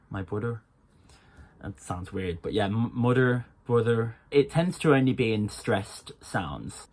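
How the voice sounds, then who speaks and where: A man from Birmingham, speaking with its accent, talks through an accent lesson in a relaxed, loose way, full of ums and short restarts. His voice sits a little low, and he keeps breaking off to say sample words aloud. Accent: Birmingham English. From England. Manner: loose and chatty, with many ums, breaking off to demonstrate sounds. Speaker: accent coach. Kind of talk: casual accent tutorial.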